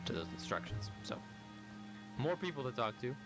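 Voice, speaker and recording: A man's voice: medium pitch, very animated, normal speed, over loud music. A man playing a game and talking to himself in a rambling, casual way. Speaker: gamer playing and reading aloud. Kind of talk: casual gaming commentary.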